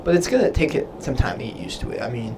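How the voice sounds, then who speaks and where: A man's voice: mid-range voice, big pitch swings, fast talker, noisy background. A young man, a Navy sailor, casually answering viewer questions on a livestream, rambling with lots of fillers. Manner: rambling, filler-heavy, loses his train of thought.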